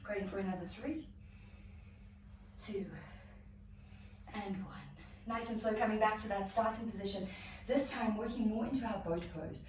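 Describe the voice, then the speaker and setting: A woman's voice: mid-range voice, moderate pace, pauses often, noisy background. A woman leading a yoga-inspired abs workout, out of breath, cueing counts and breathing with encouragement. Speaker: yoga instructor. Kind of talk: guided workout instruction. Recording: echoey room, mic far off.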